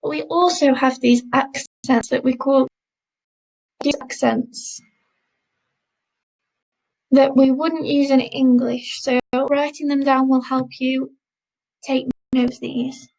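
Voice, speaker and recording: A woman teacher with a high, slightly gravelly voice leads a French lesson. She speaks slowly and carefully, repeating each word so learners can copy it. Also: flat delivery, darkish tone, rough recording. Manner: slow, careful pronunciation drills, repeating words. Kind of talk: recorded classroom lesson.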